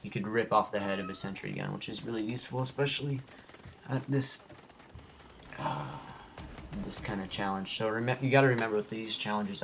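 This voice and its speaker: A man's voice: lowish voice, fairly bright tone. A young man giving casual, rambling commentary over his gameplay footage as the host of a gaming channel, goofy and easily sidetracked. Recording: home recording with faint background noise.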